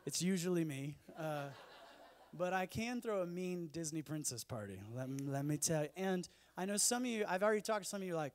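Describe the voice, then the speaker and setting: A man's smooth voice sits on the high side and moves a little fast as he gives a talk on a conference stage. He's an animated storyteller, full of humorous anecdotes that make fun of himself.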